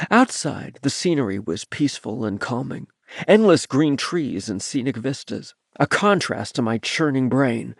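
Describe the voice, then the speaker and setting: A man narrates a first-person story for an audiobook, his pitch moving freely up and down as he reads. The sound is dry and close, with no room around it. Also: unhurried, gravelly, no echo. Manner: lively, expressive reading.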